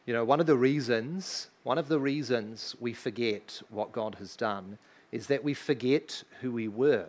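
A man's voice: mid-range voice, a little slow. A man preaching a sermon in church, emphatic and full of rhetorical questions to the congregation. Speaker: pastor.

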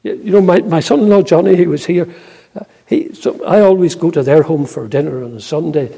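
An older man preaching a sermon in a church, earnest and unhurried, with frequent hesitant pauses. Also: a little high, gravelly, warm tone, slightly rough. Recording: long reverb in a large hall.

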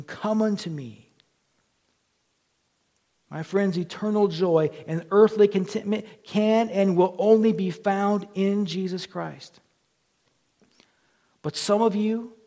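A male pastor preaching a sermon, moving from quiet, almost whispered lines to loud, fervent appeals. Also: high-pitched. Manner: builds from quiet to impassioned near-shouting.

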